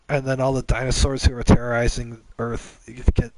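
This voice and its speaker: A man's voice: medium pitch, fairly even intonation, fairly quick, few pauses, darkish tone, no room sound, rough recording. A man hosting a gaming channel, making up a long story on the spot, rambling with many restarts.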